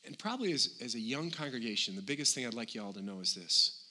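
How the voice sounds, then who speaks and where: Older male pastor preaching, bright tone. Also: medium pitch, quick pace. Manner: animated, swings between loud and quiet. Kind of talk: sermon.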